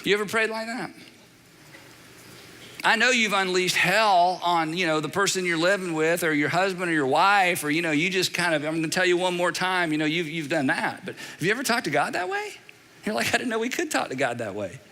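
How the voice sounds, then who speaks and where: A middle-aged man preaching a sermon from a church stage, emphatic and animated, with dramatic repetition. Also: high-pitched, a little fast. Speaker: pastor. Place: large church auditorium. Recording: long reverb of a large hall.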